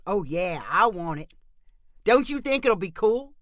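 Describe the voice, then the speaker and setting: A man's voice: sits high, sing-song, measured pace, fairly bright tone, no echo, studio quality, heavily acted. A woman voicing an eager young man who loves Texas, chatty and enthusiastic in a storybook reading.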